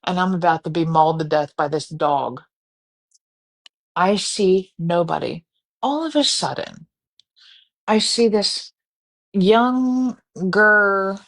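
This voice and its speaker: A woman telling a story casually on a live stream, animated and profane. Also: mid-range voice. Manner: animated, profane, breaks into screaming reenactments.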